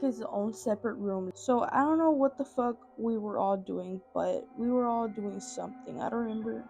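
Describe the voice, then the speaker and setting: A woman's voice: mid-range voice, darkish tone. A young woman casually telling her own ghost stories into a phone camera, rambling with lots of swearing and filler words. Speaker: vlogger. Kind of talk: casual storytelling.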